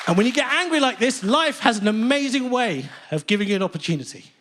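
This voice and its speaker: A man from England in his thirties performing a stand-up comedy set in a theatre, telling stories with animated bursts of indignant ranting. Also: very high voice, quick pace, a crowd in the background, noisy background. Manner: animated storytelling, bursts into loud indignant rants. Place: large theatre stage. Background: audience laughter.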